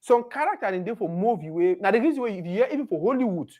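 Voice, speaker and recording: A young Nigerian woman talks in a casual podcast chat. Her pitch swings widely as she builds her stories, and she slips Pidgin phrases into her English with an animated, storytelling drive. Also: rapid-fire, dull audio. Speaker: podcast co-host.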